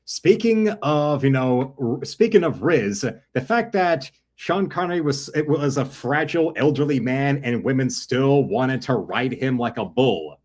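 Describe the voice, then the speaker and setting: A man's voice: medium pitch, expressive, unhurried, hardly any pauses, darkish tone. A man talking in a rambling, self-correcting way while commenting on films and actors.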